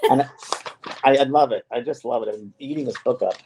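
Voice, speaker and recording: A man's voice: mid-range voice, mellow, slight background noise. A man hosting a casual spiritual chat as a medium, talking earnestly with frequent restarts. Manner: earnest, halting with many restarts. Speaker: medium and host.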